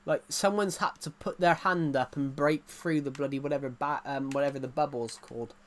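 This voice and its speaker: A man's voice: a little high, fairly even intonation, fairly quick. A man chatting casually to viewers during a gaming live stream, rambling and joking as he plays.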